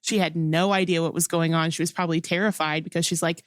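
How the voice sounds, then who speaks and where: Female podcast co-host, low-pitched, dry close mic, reflective chat. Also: flat delivery, quick pace, no room sound. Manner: thoughtful, reasons from the characters' view, fillers like "like". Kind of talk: casual movie review chat.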